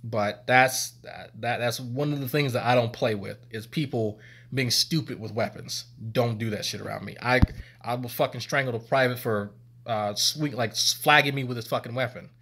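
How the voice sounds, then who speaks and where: A man's voice: medium pitch, normal speed, pushed and bright, breathy edge. A man, a former army medic, telling stories on a stream in a rambling, profane and laughing way. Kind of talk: casual storytelling on stream.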